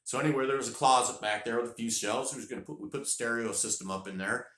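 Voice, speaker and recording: A man's voice: mid-range voice, quick pace, echoey room. A man, telling a rambling, folksy story in casual vlog style. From North Carolina. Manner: folksy, rambling, repeats words when excited. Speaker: vlogger.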